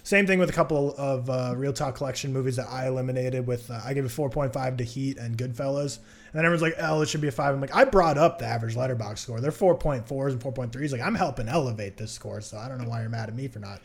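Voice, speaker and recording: A man co-hosting a casual movie podcast, ranting in an animated way about films. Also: medium pitch, fast, vocal fry. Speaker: podcast co-host. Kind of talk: casual chat.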